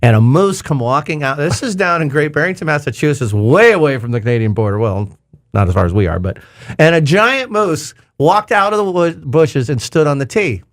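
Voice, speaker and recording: A man co-hosting a golf radio talk show, telling stories in casual banter, laughing often and breaking into high exclamations. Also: expressive, fairly quick.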